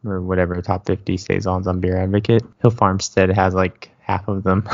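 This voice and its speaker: A man's voice: sits low, completely flat delivery, moderate pace, vocal fry, no echo, dull audio. A man co-hosting a podcast in casual chat, knowledgeable, with a dry joking manner. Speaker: podcast co-host.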